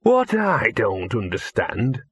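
A man's voice: lowish voice, wildly swooping pitch, takes it slowly, slightly rough, full character voice. Man doing Gaspode, a cynical talking street dog. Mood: musing. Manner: working-class dialect, drawling and sardonic.

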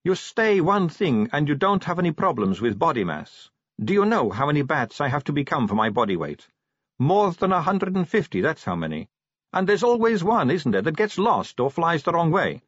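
Guy putting on a high teasing young vampire girl, chatty and cheeky, dull lo-fi sound. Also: big pitch swings, moderate pace, dry recording. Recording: dull lo-fi recording.

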